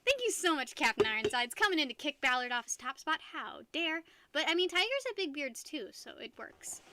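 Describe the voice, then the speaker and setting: A young woman from the United States chats with her stream viewers, laughing easily and tripping over her own sentences. Her voice sits high and sounds bright and sharp. The sound is dry and close, with no room echo. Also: expressive, quick pace. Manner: chatty, giggly, restarts sentences often. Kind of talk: casual live-stream chat.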